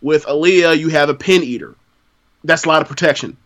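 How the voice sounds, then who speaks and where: A man co-hosting a casual wrestling chat, thinking aloud in halting, stop-start phrases. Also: on the high side, a bit bright. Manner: halting, many fillers and restarts. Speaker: podcast co-host.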